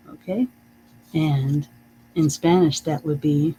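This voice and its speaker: A teacher leading a live-streamed reading lesson, saying phrases slowly and carefully, checking in with "okay?" and chuckling often. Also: medium pitch, a little mellow, slight background noise, low-quality recording. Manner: reads out viewer comments.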